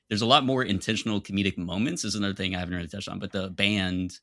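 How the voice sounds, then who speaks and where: A man's voice: low-pitched, steady tone, fast, bright, forceful tone, dry recording, studio quality. A young man arguing insistently in a casual comedic film debate. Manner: argumentative, insistent, laughs easily.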